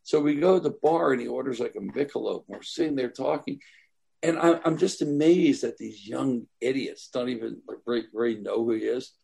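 Gravelly, husky older man telling stories. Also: mid-range voice, brisk, mellow. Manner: rambling anecdotes full of "like" and "you know". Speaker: guest. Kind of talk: casual storytelling.

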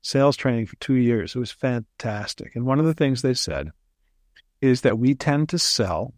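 Man, interview guest, lively storyteller, stumbling restarts, dry recording. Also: medium pitch, moderate pace, no echo. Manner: chatty, animated storyteller with frequent restarts. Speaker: ghostwriter guest.

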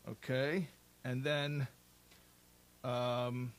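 A man in casual chat, explaining a prayer service and telling an anecdote with lively voices. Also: mid-range voice, extremely slow. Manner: storytelling, animated put-on voices for anecdotes. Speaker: co-host.

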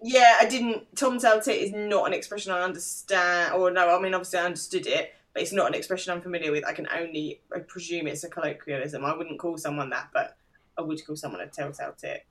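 A man's voice: sits high, fairly even intonation, quick pace, fairly bright tone. A man co-hosting a podcast, chatting casually and hedging his opinions, with frequent laughs. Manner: thoughtful, hedging, laughs often. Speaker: podcast co-host. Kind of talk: casual chat.

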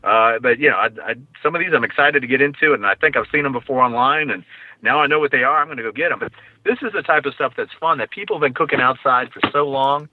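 A male podcast guest with a medium-pitched voice talks fast, eagerly going on at length about collecting grills and books, restarting his sentences often. The recording sounds dry and phone-like, and the show itself is casual.

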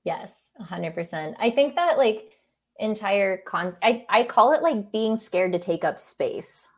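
A woman's voice: medium pitch, lively intonation, unhurried. A young woman chatting casually as a podcast host, talking freely with many fillers and laughs. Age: young adult. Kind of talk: casual chat.

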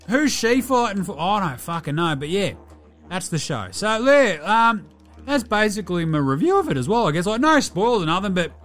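A man's voice: sits high, a bit bright, voice pushed up. A man voicing a crude, laid-back young male basketballer with a broad Australian accent, rambling and swearing in slang.

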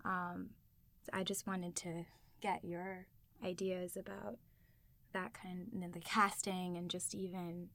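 A woman's voice: fairly low pitch, flat delivery, measured pace, creaky, a bit bright. A woman from South Asia hosting a casual discussion, thinking aloud and restarting her sentences often. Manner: hesitant, fills with "like" and rewinds mid-thought.

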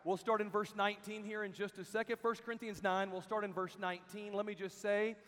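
A man preaching a sermon to a crowd in a large hall, telling stories in an animated way and acting out the people he quotes. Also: sits high, a little fast. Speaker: camp speaker. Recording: long hall reverb.

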